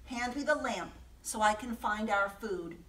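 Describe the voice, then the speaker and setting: A woman's voice: a little high, measured pace, fairly bright tone. A woman voicing a patient, reassuring female mouse in a storybook reading. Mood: cheerful. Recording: echoey room, voice from a distance.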